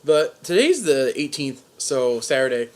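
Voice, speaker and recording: A man's voice: mid-range voice, very animated, a little slow. A young man co-hosting a podcast, casually retelling a TV episode with loose, profane mock dialogue. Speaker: podcast co-host. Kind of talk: casual recap chat.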